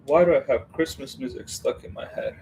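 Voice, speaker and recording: A chatty man hosting a casual live stream, rambling between thoughts and laughing at himself as he goes. His voice sits at an ordinary middle pitch, with a faint hiss of background noise under it. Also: a little fast. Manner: greets viewers by name. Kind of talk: casual live-stream chat while building.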